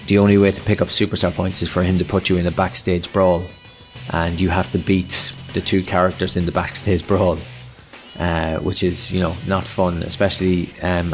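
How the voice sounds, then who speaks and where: An Irish man co-hosting a podcast, his voice sitting low and easy. He talks in loose, rambling runs with false starts and self-corrections. A faint bed of guitar music plays underneath. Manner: rambling, halting, many restarts. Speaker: podcast co-host. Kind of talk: casual podcast chat.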